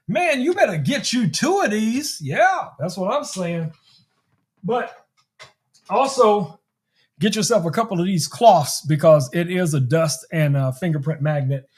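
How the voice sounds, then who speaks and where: A man hosts a relaxed tech livestream and pitches gadgets to his viewers in a chatty, salesy way. His voice sits high for a man, and he talks straight to the people watching. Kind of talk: casual product demo livestream.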